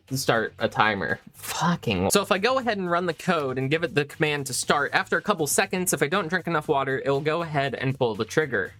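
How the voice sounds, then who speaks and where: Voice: medium pitch, fairly bright tone. A young adult hosting a home build vlog, rambling and swearing a lot while mocking themself. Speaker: maker video host. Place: home room with candles.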